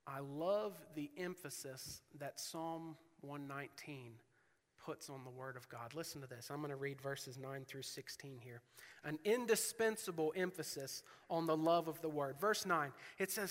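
A man with a high, bright voice preaches a sermon in a church. He reads scripture aloud with earnest, rising emphasis. His voice carries a long reverb through the hall. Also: normal speed.

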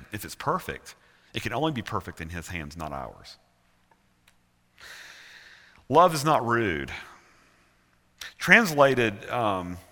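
A man's voice: lowish voice, sharp tone. A male pastor with a Southern US accent preaching a sermon earnestly, with emphatic repetition. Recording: reverberant church hall.

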